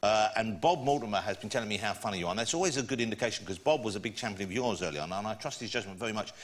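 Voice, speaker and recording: A man hosting a chat show, interviewing a comedian guest in a brisk, quizzical way. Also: fairly low pitch, expressive. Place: television studio with audience.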